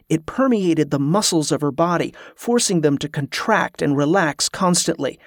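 A man's voice: on the high side, no echo. Man narrating a story, dry and close. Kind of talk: scripted narration.

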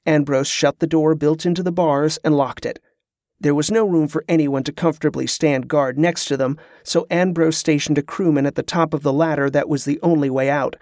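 A man narrating an adventure novel in an even, measured storytelling manner. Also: a little high, no room sound, studio quality. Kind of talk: audiobook narration.

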